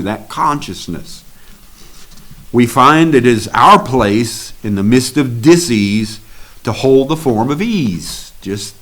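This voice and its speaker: A man preaching a sermon, earnest, dropping to a soft confiding voice and then rising into emphatic lines. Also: mid-range voice.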